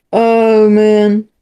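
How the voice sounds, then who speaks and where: A woman's voice: medium pitch, warm tone, smooth. A young woman co-hosting a casual livestream, playful and teasing, swearing casually. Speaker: co-host guest on a stream.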